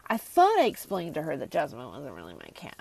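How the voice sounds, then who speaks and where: Rambling woman with a gravelly voice. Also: sits low, huge pitch swings, brisk, darkish tone, rough recording. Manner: rambling, with many restarts and asides. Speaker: channel host. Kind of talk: casual monologue to camera.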